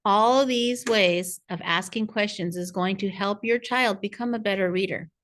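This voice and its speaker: A woman's voice: medium pitch, normal speed, a bit bright. A woman narrating a parent workshop as a reading coach, in a patient, encouraging teacher tone. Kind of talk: scripted instructional narration.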